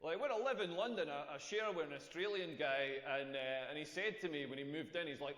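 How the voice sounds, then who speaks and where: A man's voice: fairly high pitch, a little fast, hardly any pauses, fairly bright tone. A young Scottish man doing a stand-up comedy set on a club stage, telling self-mocking stories in a chatty way. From Scotland. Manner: conversational, self-mocking storytelling. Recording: roomy club with long reverb.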